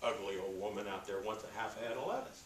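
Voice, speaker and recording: A fed-up male produce manager, blunt and quick on his feet, as a speaker acts him out in a joke. The voice sounds like an ordinary man's, heard from a distance. A roomy echo surrounds it. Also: fairly low pitch, slight background noise, voice pushed down, lightly acted. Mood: exasperated.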